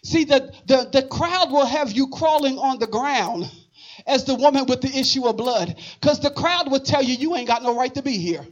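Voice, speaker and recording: Tired male preacher, very high voice, impassioned rhythmic delivery at a live service. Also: normal speed, highs cut off. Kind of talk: sermon.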